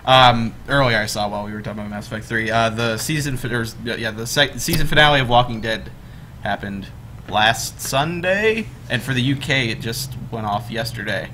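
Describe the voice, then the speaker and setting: A man's voice: medium pitch, moderate pace, bright, forceful tone, a little hiss or hum. A young man hosting a casual group chat, rambling with lots of fillers and restarts.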